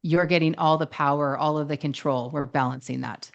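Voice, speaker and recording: A woman's voice: low-pitched, fairly quick, vocal fry, muffled recording. A woman in her thirties co-hosting a relationship podcast as a therapist, telling stories in a casual chat, acting out quotes and restarting often. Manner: storytelling, animated quotes with many restarts. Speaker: relationship psychologist podcast co-host.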